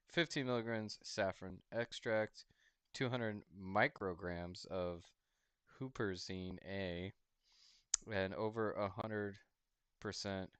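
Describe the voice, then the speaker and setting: A man hosting a casual crypto livestream, chatting loosely, chuckling often and reading a product label aloud haltingly. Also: low-pitched, a bit bright, clear, resonant tone, no room sound. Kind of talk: casual rambling livestream chat.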